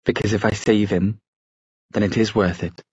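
An intense, reckless young shadow hunter, read by a man in a storybook. He speaks low and earnest, close to a dry mic. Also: fairly even intonation, normal speed, darkish tone, husky, no room sound, dull audio. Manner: intense, pleading.

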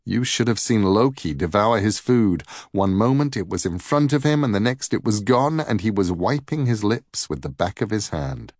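A man narrating a myth as a storybook reading in an unhurried, expressive way. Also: lowish voice, no echo, studio quality.

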